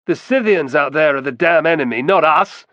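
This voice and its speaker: Man putting on an earnest young soldier, raised and pleading, higher pitch, audiobook. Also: moderate pace, sharp tone, dry recording, muffled recording. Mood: indignant.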